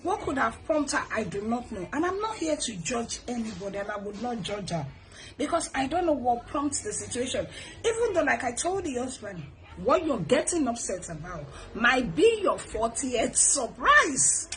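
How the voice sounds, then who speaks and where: A woman's voice: on the high side, normal speed, low-quality recording. Chatty Nigerian woman giving advice. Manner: animated, preachy, with laughs and repeated blessings. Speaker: host. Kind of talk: casual advice talk, reading viewer comments.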